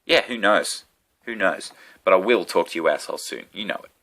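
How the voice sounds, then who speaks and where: A deep, low-pitched man rambles to camera in a loose, casual monologue. He swears freely and cracks self-mocking asides as he goes. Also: animated, brisk, pushed and bright. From Australia. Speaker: comedian vlogger.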